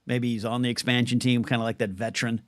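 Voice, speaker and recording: A man's voice: mid-range voice, flat delivery, fast, no room sound, clean studio sound. A man hosting a solo livestream podcast, answering viewer questions in a rambling, jokey way that often stops and restarts. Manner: rambling, self-interrupting, jokey. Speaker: podcast host.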